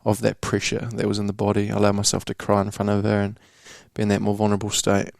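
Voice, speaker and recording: A man's voice: fairly low pitch, completely flat delivery, fast, gravelly, darkish tone, no room sound, studio quality. A young man from New Zealand telling a candid personal story on a casual podcast, slangy and swearing, calling the host bro. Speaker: podcast guest.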